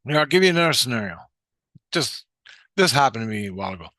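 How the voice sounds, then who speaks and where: A man's voice: mid-range voice, big pitch swings, fast, sharp tone, no room sound. A man telling a rambling personal spiritual story in a casual, profane way, often restarting his sentences. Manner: profane, meandering, with frequent restarts. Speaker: spiritual vlogger.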